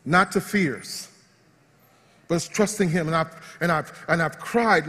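A man preaching a sermon as pastor, swinging between loud praise and hushed, quiet asides. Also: on the high side, measured pace. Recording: long hall reverb.

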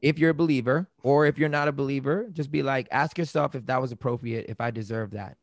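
Animated man acting out arguments. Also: medium pitch, fast talker, no echo, studio quality. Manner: animated, acts out quoted arguments in raised voices. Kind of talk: casual conversation about relationships.

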